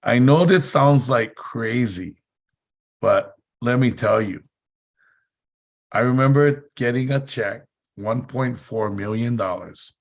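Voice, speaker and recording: Guy with a gravelly voice doing a motivational seminar, chatty, laughs a lot. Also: mid-range voice, slow. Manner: chatty anecdotes, laughing often. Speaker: seminar speaker.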